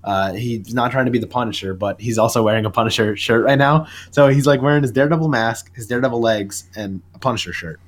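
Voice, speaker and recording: A man co-hosting a podcast, casually recapping a comic issue with quick, animated comments. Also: medium pitch. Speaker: podcast co-host. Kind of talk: casual comic book chat.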